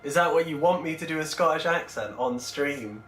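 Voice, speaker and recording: A rambling, chatty man with a fairly high voice hosts a relaxed livestream, thinking aloud and answering viewers as he works. His voice carries a roomy echo, with faint music running underneath. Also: moderate pace. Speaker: miniature-painting livestreamer. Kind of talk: casual livestream chat. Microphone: Bluetooth microphone.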